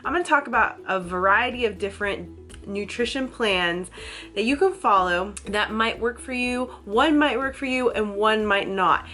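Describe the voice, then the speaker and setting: A congested woman with a stuffy, nasal sound hosts a casual educational fitness vlog. She rambles in an easygoing, chatty way, laughing and dropping fillers as she goes. Her pitch sits in an ordinary middle range, and faint music plays behind her. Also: normal speed, bright, forceful tone. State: congested, nasal from a head cold. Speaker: fitness vlogger.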